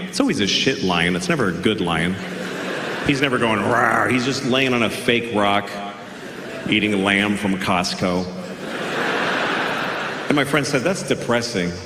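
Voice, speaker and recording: A man in his forties doing a crude, deadpan stand-up comedy set. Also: on the low side, normal speed, long pauses. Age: 40s. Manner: deadpan, crude, jumps into character voices. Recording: live hall with long reverb and background noise.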